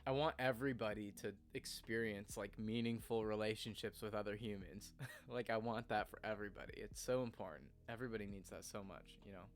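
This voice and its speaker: A man's voice: on the low side, fairly even intonation, a little fast. A young man chatting casually on a morning stream from his home room, earnest and rambling, often laughing at himself.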